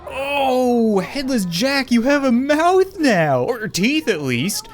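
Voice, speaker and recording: A young man giving comedic, excitable commentary on a life-sim game, often laughing and exclaiming. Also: very high voice, slow pace, hardly any pauses. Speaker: gaming YouTuber.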